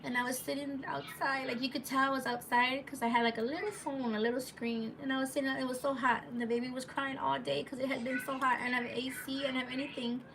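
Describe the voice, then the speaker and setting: A woman's voice: high voice, flat delivery, fast talker, few pauses. A woman telling a personal story to her viewers in a rambling, casual way, full of fillers and restarts, live from home on a phone. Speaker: live-stream vlogger. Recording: noisy home recording.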